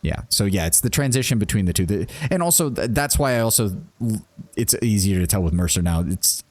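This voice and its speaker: A man with a fairly low voice chatting through a game stream. He rambles, laughs easily, and reads the game's text aloud in between his remarks. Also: expressive, brisk. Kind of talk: casual gameplay commentary and reading game text.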